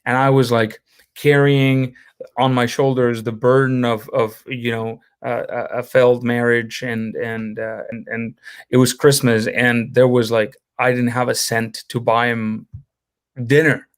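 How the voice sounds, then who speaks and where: A man of middle pitch hosts a podcast and tells a personal story in an earnest way. His speech is full of small fillers and pauses. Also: level tone, smooth. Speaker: podcast host. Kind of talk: casual interview chat.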